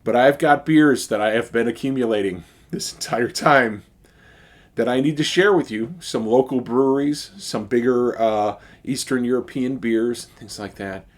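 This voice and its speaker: A middle-aged man with a Chicago accent, chatting casually as he reviews a beer in his video. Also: mid-range voice. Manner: relaxed and chatty, with fillers and sighs.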